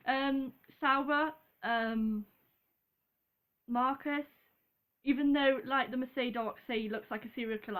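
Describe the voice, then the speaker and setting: A woman's voice: a little high, fairly bright tone. A young woman from Britain chatting casually on a vlog, giggly and rambling, with lots of ums and apologies. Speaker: vlogger. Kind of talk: casual chat.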